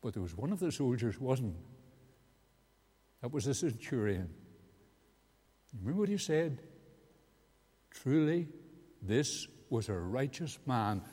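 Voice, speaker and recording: A man's voice: mid-range voice, darkish tone, husky. A man preaching an evangelistic sermon in a meeting house, earnest and building to emphatic peaks. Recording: long hall reverb.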